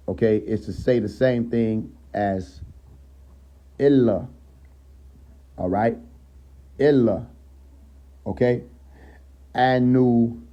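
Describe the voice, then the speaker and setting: A man hosting a casual live stream who teaches from scripture and keeps checking in with his listeners, slowing down and lifting his voice when he reads verses aloud. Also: fairly low pitch, dark tone, lo-fi sound. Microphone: phone.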